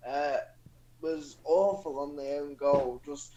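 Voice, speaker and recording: A man co-hosting a casual football chat show, hesitant with many pauses and blunt opinions. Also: a little high, steady tone, mellow, muffled recording. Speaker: podcast co-host.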